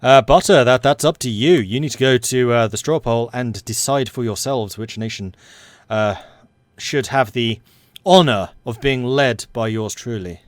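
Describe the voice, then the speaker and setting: An excitable young Englishman rambling through commentary on a strategy game he is playing. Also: medium pitch, measured pace, hardly any pauses, dry recording. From England. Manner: excitable and rambling, self-described hyper. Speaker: let's play host. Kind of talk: gaming commentary.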